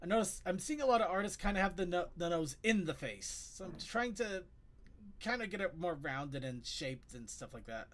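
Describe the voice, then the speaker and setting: A man hosting a casual online chat show, excitable and quick to laugh. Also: high-pitched, slight background noise. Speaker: podcast host.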